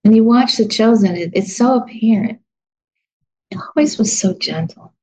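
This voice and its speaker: A woman's voice: on the high side, normal speed, mellow, slight background noise. A woman teaching an informal Bible lesson, chatty and self-deprecating, leafing through her notes as she talks. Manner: chatty, laughs at herself, searches notes aloud. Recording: dull lo-fi recording.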